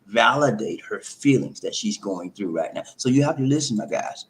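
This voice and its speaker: A man's voice: lowish voice, animated, normal speed. A man giving relationship advice in an emphatic, preachy monologue, repeating himself and calling listeners "man".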